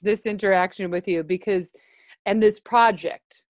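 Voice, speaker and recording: A woman's voice: mid-range voice, steady tone, unhurried. A woman comedian co-hosting a casual chat, trading dry, playful banter over a video call. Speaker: comedian co-host.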